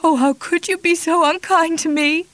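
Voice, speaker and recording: A woman's voice: fairly low pitch, unhurried, no room sound. A woman reading an audiobook, voicing a grieving young woman who sobs and pleads through tearful outbursts. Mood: sobbing. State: crying.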